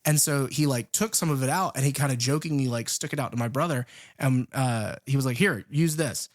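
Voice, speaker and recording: A man's voice: medium pitch, brisk, dry recording, studio quality. A man co-hosting a film podcast, talking casually and hesitantly, with frequent ums as he tells stories. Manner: hesitant, many ums, relaxed storyteller. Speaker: podcast co-host.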